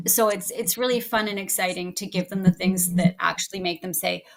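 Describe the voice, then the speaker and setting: A middle-aged woman, an English language teacher, chatting as a guest on a podcast and telling lively stories about her classroom. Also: medium pitch, moderate pace. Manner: lively storyteller who acts out her students. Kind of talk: podcast interview conversation.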